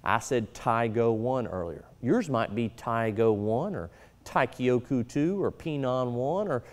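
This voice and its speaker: Man, karate instructor, firm coaching talk, middle pitch, long reverb. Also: lively intonation, measured pace. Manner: firm, coaching, repeats "all right?" for emphasis. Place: martial arts school, indoors.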